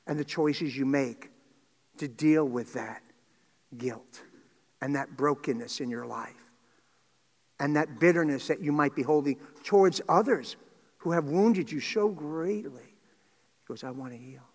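A man preaches from the pulpit in a slightly high voice, urgent and earnest. He builds to loud, pleading peaks and then falls to hushed, almost whispered lines. His voice rings out with a long reverb across a church sanctuary. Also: a little slow, long pauses. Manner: earnest preaching, rising to loud intense passages, dropping to near whispers. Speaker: pastor. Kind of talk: sermon.

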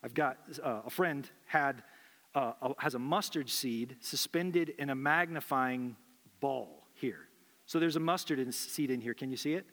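Earnest pastor preaching in a reverberant hall. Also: male voice, medium pitch, measured pace, a bit bright. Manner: earnest, repeats phrases for emphasis. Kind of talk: sermon.

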